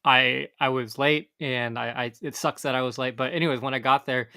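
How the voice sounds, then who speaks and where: A man's voice: medium pitch, steady tone, fairly quick, pushed and bright, smooth. A man, co-hosting a casual fishing podcast and talking in a rambling way with many restarts. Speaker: podcast co-host. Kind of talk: casual chat.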